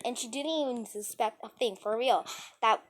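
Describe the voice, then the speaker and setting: A woman's voice: on the high side, moderate pace. A woman telling a rambling story in a casual storytime style, with frequent restarts and acted-out dialogue.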